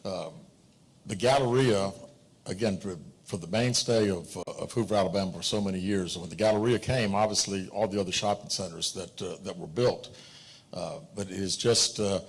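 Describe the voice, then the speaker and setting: A man, a mayoral candidate answering a forum question in a halting way, full of fillers and restarts. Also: deep voice, slightly rough.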